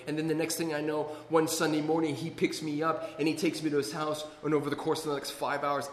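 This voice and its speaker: A man's voice: on the high side, a bit bright, slight background noise. A man sharing his recovery story with an audience, rambling and self-mocking, with many fillers. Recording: echoey hall from a distance.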